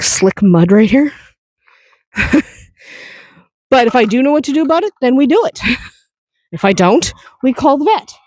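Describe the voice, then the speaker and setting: Woman farm vlogger, brightly pitched, easygoing and chatty with frequent laughs, recorded outdoors. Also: no room sound. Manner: chatty, laughs often, jokes with the animals. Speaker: farm vlog host. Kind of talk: casual walk-and-talk farm vlog. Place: outdoors on a muddy, snowy farm.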